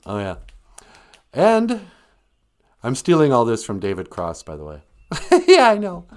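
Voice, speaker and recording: A man's voice: fairly low pitch, darkish tone. A man from Montana hosting a livestream, rambling through a joking monologue and laughing often. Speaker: livestream host. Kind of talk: casual comedic monologue.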